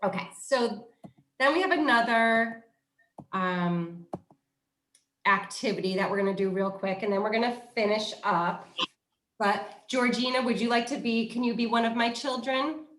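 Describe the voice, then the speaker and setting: A woman's voice: fairly high pitch, moderate pace, a bit bright, echoey room, a little hiss or hum, rough recording. A woman leading a parenting workshop, giving instructions and acting out commands and coaching questions. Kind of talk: interactive parenting workshop role-play.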